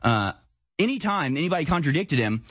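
Husky-voiced man ranting on a stream. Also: a little high, very animated, fairly quick, fairly bright tone, no room sound. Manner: blunt, conversational, heated. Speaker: political commentary host. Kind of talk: live-stream political commentary.

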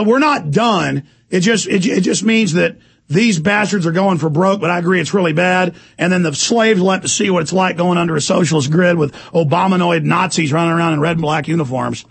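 A man who is a hoarse, gravelly talk radio host with a rather high pitch. He rants with fiery sarcasm and bursts into shouts. His voice sounds rough and worn from screaming. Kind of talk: heated talk radio ranting.

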